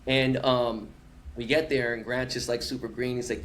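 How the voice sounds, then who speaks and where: A man's voice: mid-range voice, a little fast, slight background noise. A man from Los Angeles, a podcast guest, telling stories in slangy casual chat and acting out what others said. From Los Angeles, USA. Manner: animated, slangy, acts out quoted voices. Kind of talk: casual storytelling.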